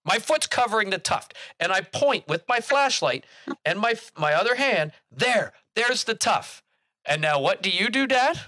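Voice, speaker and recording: A man's voice: high-pitched, normal speed. A man telling a hunting story about his father on a podcast, laughing as he goes. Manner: animated, laughing as he tells it.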